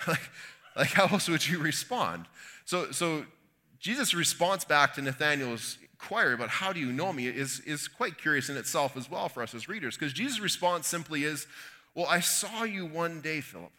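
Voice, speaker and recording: A man's voice: a little high, lively intonation, normal speed, bright, forceful tone. A man from Canada preaching a conversational sermon, retelling a Bible story with folksy asides and quoted voices. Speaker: pastor.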